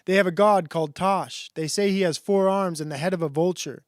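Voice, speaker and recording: A timid, very young male lamb from a storybook, pleading earnestly in a raised, higher voice, as a man puts him on. The recording is close and dry. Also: brisk, dry recording, natural voice.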